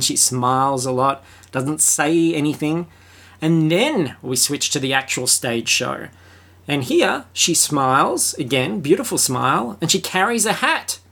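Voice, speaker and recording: An Australian podcast host giving a solo film review, sarcastic and fond of swearing, with mock-excited asides. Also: mid-range voice.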